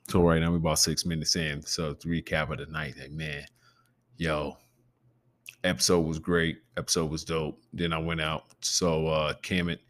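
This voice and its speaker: Man, extremely low voice, gravelly growl, casual podcast host, rambling, swears a lot. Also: a bit bright. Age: adult with a preteen nephew. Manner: loose and profane, rambling. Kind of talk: casual solo podcast chat.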